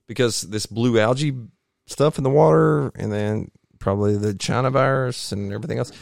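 A man, a triathlete guest, telling his stories in a rambling, animated way in a home garage. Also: fairly low pitch, creaky, no echo, studio quality. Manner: rambling, animated storytelling with restarts. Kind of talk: casual storytelling interview.

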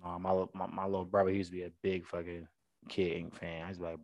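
A man's voice: sits low, flat delivery, fast talker, a little mellow, no room sound, studio quality. A young man in casual chat, talking in a laid-back, slangy way that often drops to a mumble.

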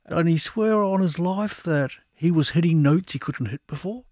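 A man's voice: fairly high pitch, moderate pace, no room sound, clean studio sound. Chatty male guest telling anecdotes. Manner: relaxed, chatty storyteller. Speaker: osteopath and acupuncturist guest. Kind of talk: conversational anecdotes.

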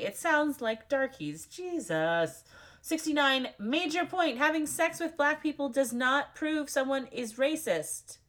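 A woman's voice: on the high side, a bit bright. A woman reading out a list of numbered editor's notes, breaking in with dry, sarcastic asides. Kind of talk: reading aloud with wry asides.

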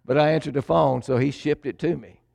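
A man's voice: fairly high pitch, fairly even intonation, brisk, gravelly, a little mellow, no room sound. A middle-aged man, a pastor telling his own story in a folksy way to his congregation. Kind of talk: sermon testimony.

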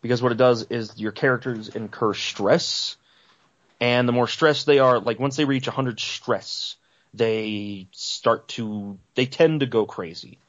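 Male podcast co-host, enthusiastic explainer, mid pitch, dull lo-fi recording. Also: measured pace, a bit bright. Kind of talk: casual chat. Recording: dull lo-fi audio.

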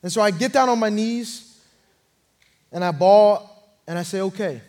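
An earnest young man preaching his own testimony from the pulpit. His voice sits high for a man, and he tells the story plainly before building louder at the turning points. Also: measured pace. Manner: earnest, storytelling, swells louder at key moments. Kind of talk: sermon testimony.

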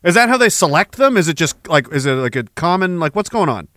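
Guy ranting on his podcast stream, swears a lot, dry close sound, kinda high sharp voice. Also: sing-song, fast, no room sound. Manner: angry, profane ranting; sarcastic asides. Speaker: podcast host. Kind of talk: livestream rant reading chat messages.

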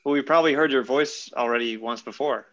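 A man's voice: mid-range voice, quick pace, fairly bright tone, no echo. Easygoing man co-hosting a podcast. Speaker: podcast co-host. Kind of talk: casual interview. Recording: dull, muffled sound.

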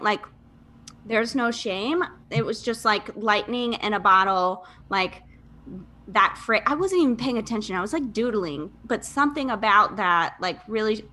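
A woman's voice: medium pitch, pushed and bright. A woman in her thirties from Michigan, a podcast guest telling her life story candidly in casual, chatty talk with fillers and laughs. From Michigan, USA.

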